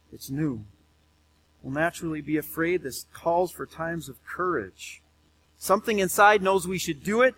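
A male pastor with a notably high-pitched voice delivers a sermon to his congregation. He talks in a chatty, informal way and doubles up words as he goes. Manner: conversational, repeats words when excited.

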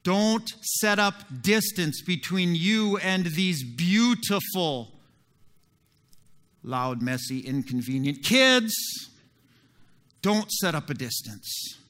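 A man preaching a sermon in a lively, conversational way, acting out little scenes as he goes. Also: high-pitched, slow pace. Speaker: pastor.

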